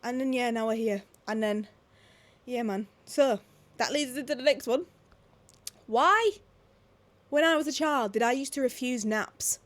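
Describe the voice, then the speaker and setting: A woman, ranting casually to camera at home, animated and full of swearing and "like". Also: on the high side. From England. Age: 20s. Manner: swearing, animated, fast-shifting, lots of "like". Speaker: vlogger. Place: at home, indoors.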